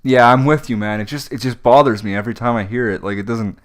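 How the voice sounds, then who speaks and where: A man's voice: mid-range voice, steady tone, fast talker. A young man co-hosting a podcast, chatting casually and venting his frustrations, full of fillers like "like" and "um". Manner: frustrated ranting with frequent fillers. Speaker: podcast co-host. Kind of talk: casual wrestling chat.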